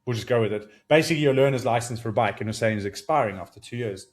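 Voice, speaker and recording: A man in his thirties talks through his ideas alone on his podcast, earnest and searching. His voice climbs when he gets excited and settles back down as he reflects. He often restarts his sentences while he works out what he means. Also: mid-range voice, very fast. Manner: earnest, animated, rising with excitement, thinks aloud with restarts. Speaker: podcast host. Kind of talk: solo reflective podcast monologue.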